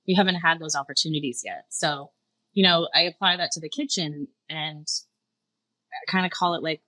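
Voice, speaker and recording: A middle-aged woman from Canada, a chef guest on a podcast, telling her story in a lively conversational way. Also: normal speed, dry recording. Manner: animated, acts out dialogue in a higher voice, laughs often.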